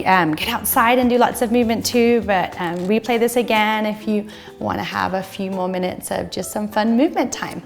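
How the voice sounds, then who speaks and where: A woman leads a virtual circle time for small children, her fairly high voice slow and sing-song as she coaxes them along. Faint music plays softly underneath. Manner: sing-song, slow and encouraging, talks to little kids. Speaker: preschool teacher.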